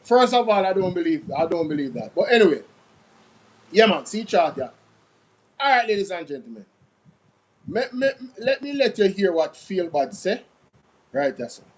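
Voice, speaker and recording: A Jamaican man hosting a casual commentary show, talking in an animated, repetitive, mocking way. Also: sits high, moderate pace, long pauses, poor audio. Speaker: commentary channel host.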